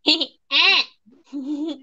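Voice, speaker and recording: Giggly high-voiced young woman streaming. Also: extremely slow. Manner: giggly, reads questions aloud. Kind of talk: casual chat while typing. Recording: dull lo-fi mic with faint noise.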